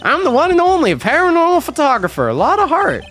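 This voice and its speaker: A man plays a brash young woman photographer with a thick put-on Southern drawl. She talks big and folksy, pitched high and lively. She sits over faint background music. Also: fairly quick, exaggerated voice.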